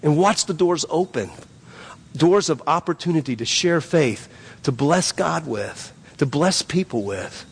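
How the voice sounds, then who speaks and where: Gravelly preacher man in a reverberant hall. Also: fairly high pitch, expressive, measured pace. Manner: repetitive, emphatic preaching with many restarts. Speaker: pastor. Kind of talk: sermon. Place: church sanctuary. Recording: long reverb of a church hall.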